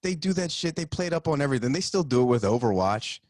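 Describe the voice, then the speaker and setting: A man's voice: mid-range voice, animated, fast, a little mellow, dry recording, clean studio sound. A man hosting a podcast over a video call, ranting and joking in casual chat with loose swearing. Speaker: podcast host.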